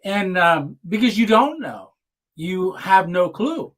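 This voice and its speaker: A man's voice: high-pitched, sing-song, slow, a crowd in the background. A man hosting a casual live stream chat, speaking in an earnest, emotional way.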